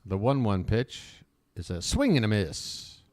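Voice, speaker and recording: A man calling live baseball play-by-play as a fan commentator, chatty and opinionated between pitches. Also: very animated, a little slow, a little mellow, no room sound.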